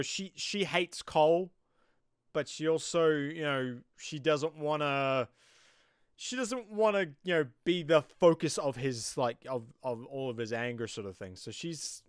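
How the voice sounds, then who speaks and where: A New Zealand-accented man talks through a TV episode in a loose, rambling way, leaning on fillers. His voice sits a little high and sounds smooth, and the recording is dry and close. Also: lively intonation, unhurried, no room sound. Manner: rambling, loose, with many "you know" fillers. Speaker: TV show reviewer. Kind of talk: casual episode review.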